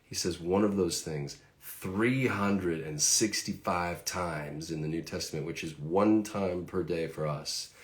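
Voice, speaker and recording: Middle-aged guy, really low voice, chatty faith talk w/ lots of ums and bible verses. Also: measured pace, hardly any pauses. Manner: conversational, with fillers and asides. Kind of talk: casual faith talk with scripture readings.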